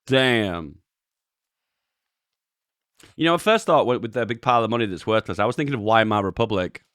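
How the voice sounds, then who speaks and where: A young man, a YouTube host giving relaxed, chuckling commentary on memes and swearing offhandedly. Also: lowish voice, moderate pace, no echo, studio quality. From England. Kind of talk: casual commentary.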